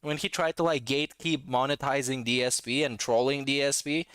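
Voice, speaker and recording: A man's voice: mid-range voice, steady tone, brisk, fairly bright tone, clean tone, no room sound. A man hosting a casual reaction commentary, talking in a sarcastic, mocking way. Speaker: commentary channel host.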